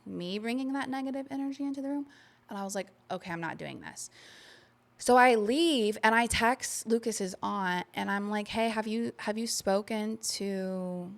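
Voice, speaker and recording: A woman's voice: medium pitch, normal speed, gravelly. A woman co-hosting a podcast, telling a long personal story in casual chat and swearing freely. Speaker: podcast co-host.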